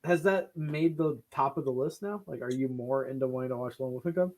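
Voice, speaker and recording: A man's voice: mid-range voice, a little fast. A man co-hosting a casual film chat, joking and swearing freely. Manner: animated, profane, joking. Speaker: podcast co-host.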